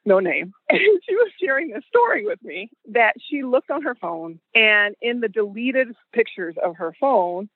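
Woman co-host, husky high voice, lively storyteller, dry tinny sound. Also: normal speed, few pauses, dry recording. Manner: animated storyteller, acts out voices, laughs often. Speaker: podcast co-host. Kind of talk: casual conversation.

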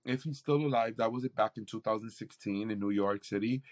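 A man's voice: on the low side, steady tone, fairly quick, a little mellow. A man, a campus pastor, telling a faith story in an interview with an earnest, preacherly delivery. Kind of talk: interview testimony.

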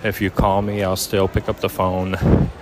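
A young man telling a personal story casually, halting with many fillers. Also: deep voice, monotone, soft background music, rough recording. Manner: halting, many ums and likes. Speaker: vlogger.

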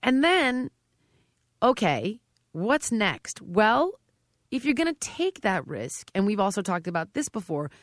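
Brief: middle-aged female trainer, blunt and emphatic, mid-range pitch, dry close-up sound. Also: unhurried, dry recording. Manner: emphatic and direct, with animated quoted dialogue. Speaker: fitness trainer on a TV show. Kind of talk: conversational interview.

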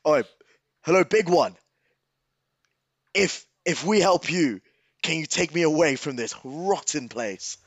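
A man's voice: a little high, animated, slow pace, pauses often, no room sound. A man playing a cocky pirate captain. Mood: cheeky. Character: cocky male pirate captain, player character.

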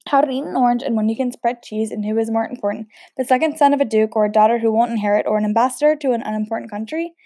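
Mouthy rebellious teen girl student, read by a woman, mellow voice. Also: fairly high pitch, very fast, few pauses, no echo, clean studio sound, lightly acted. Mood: defiant. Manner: blunt, cheeky, defiant. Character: defiant, outspoken young woman student, almost nineteen.

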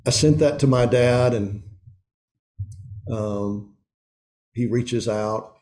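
A middle-aged man speaking to a men's group in an earnest, confessional way, often slowing down and pausing on emotional points. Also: mid-range voice, mellow. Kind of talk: heartfelt talk to a men's group.

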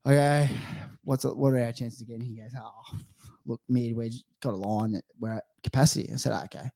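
A man's voice: mid-range voice, steady tone, a little fast, gravelly, warm tone. A young Australian man telling a rambling, sweary story as a casual podcast co-host. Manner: rambling, swears freely, acts out quotes.

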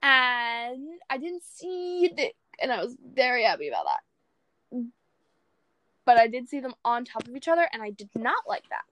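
A young woman in casual chat, telling stories in an animated way and acting out quoted lines. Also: fairly high pitch, normal speed. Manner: animated storytelling, acts out quotes.

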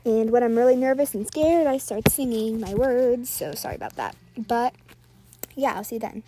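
A woman's voice: on the high side, moderate pace, background noise. A woman giving live, rambling commentary while playing an online game, nervously narrating every move aloud.

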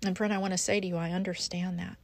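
Earnest woman doing a faith podcast, kinda gravelly, dry close sound, lots of restarts. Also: lowish voice, level tone, fast, a little mellow, no room sound. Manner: earnest, encouraging, addresses listener as friend; frequent restarts and fillers. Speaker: podcast host. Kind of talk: devotional podcast talk.

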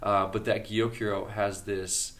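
A man who is a health practitioner, chatting on a health podcast and telling a story with excitement, often laughing as he talks. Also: on the low side, a little slow. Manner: excitable storytelling, laughs through his words. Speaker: health practitioner and regular expert on a health show. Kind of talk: casual podcast chat.

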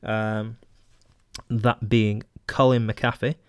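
A man's voice: on the low side, flat delivery, drawn-out words, clean tone, no echo. Dry-voiced Mancunian man musing aloud. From Manchester, England. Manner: hesitant, many ums and restarts, wry asides. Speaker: podcast host. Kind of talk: casual solo podcast reading old magazine articles aloud.

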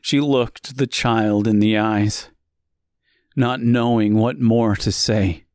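A male narrator reading a dark tale slowly and deliberately, pausing to let each phrase land. The recording is dry and close, with no room sound. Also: lowish voice, fairly even intonation, dry recording. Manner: slow, deliberate, dramatic pauses. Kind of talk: scripted horror story narration.

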